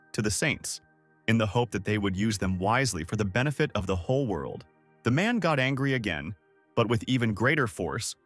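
Male narrator, mid pitch, animated delivery, dry close sound, soft music underneath. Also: no room sound. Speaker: recap narrator. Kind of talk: scripted narration.

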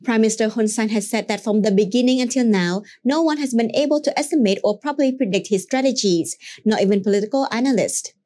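Brisk woman news presenter. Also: on the high side. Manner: brisk, even newsreader delivery. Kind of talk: scripted news reading.

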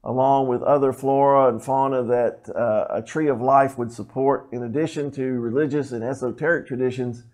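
Animated preacher man. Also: medium pitch, moderate pace, few pauses. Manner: animated, rising emphasis, explanatory asides. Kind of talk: sermon with scripture reading.

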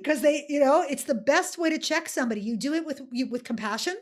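A woman speaking as an interview guest and coach, talking in an animated, playful way with fast bursts over a video call. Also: high voice. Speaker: guest, swagger coach and author. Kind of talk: casual interview chat.

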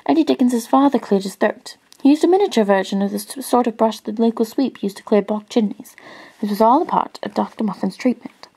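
A woman gently reading a storybook aloud in a soft-spoken ASMR style, dropping into whispers at times. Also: on the high side, fairly quick, husky, poor audio. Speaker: ASMR reader.

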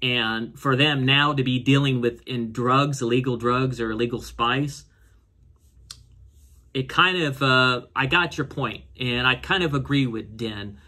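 A man's voice: a little slow, pushed and bright. A man casually recapping and reviewing a TV episode, rambling with lots of fillers and restarts. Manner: voices characters' lines with raised pitch. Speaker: show reviewer.

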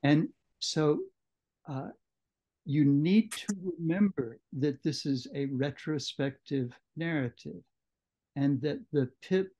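A man leading a book club discussion, explaining a novel in a measured lecturing way, on muffled audio. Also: mid-range voice, warm tone. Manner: measured, explanatory, with occasional restarts. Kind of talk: literary lecture.

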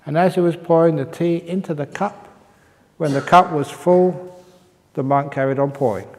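A man's voice: fairly high pitch, normal speed, darkish tone, a little hiss or hum. A man who is a Buddhist monk and teacher, answering retreat questions with humorous stories and reading each question aloud. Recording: long reverb of a meditation hall.

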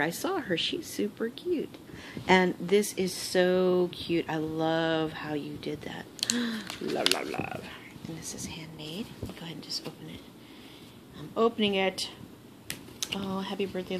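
A woman in a casual crafting vlog, gushing and excited as she opens gifts, recorded on a phone in her bedroom. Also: on the low side. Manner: gushing, excitable, gasps and laughs often. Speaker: crafting vlogger. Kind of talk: casual unboxing chat. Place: bedroom at home. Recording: noisy home phone recording.

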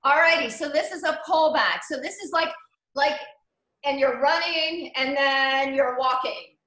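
A woman's voice: high-pitched, measured pace, sharp tone, echoey room, low-quality recording. A woman coaching an online group cycling class over a video call, upbeat and encouraging, calling riders by name and counting down the seconds. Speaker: cycling instructor.

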